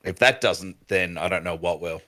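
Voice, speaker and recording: A very deep-voiced man talks on a casual gaming podcast in a steady monotone. His tone is bright and forceful despite the low pitch. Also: moderate pace. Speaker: podcast panelist.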